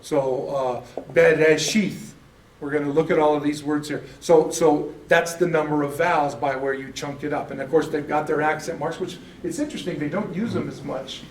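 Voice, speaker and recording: A man's voice: fairly high pitch, steady tone, fairly quick, hardly any pauses. Rambling male teacher in an echoey room. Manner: rambling, repeats words, frequent "okay?" checks. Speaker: church Bible class teacher. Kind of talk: casual classroom lecture. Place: church classroom. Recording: echoey room, mic far off, faint room noise.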